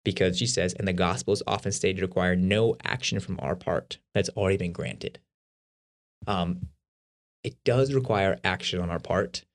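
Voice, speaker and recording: A man co-hosting a podcast, explaining faith ideas quickly in a casual, conversational way with everyday examples. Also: low voice. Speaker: podcast co-host.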